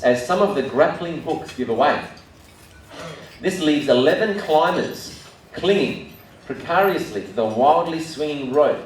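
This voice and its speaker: This middle-aged Australian man hosts a breakfast event, giving a live, chatty presentation to a seated audience. His medium-pitched voice carries a little hiss or hum and sounds distant in a very echoey hall with faint ambience. He tells jokes using quoted voices and restarts often.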